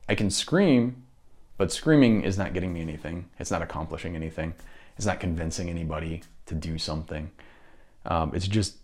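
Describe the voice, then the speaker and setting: A man's voice: sits low, darkish tone. A man hosting a solo talk show, ranting in frustration, swearing often and restarting his sentences. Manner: frustrated, profane, rambling with restarts. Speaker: podcast host. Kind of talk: solo political rant.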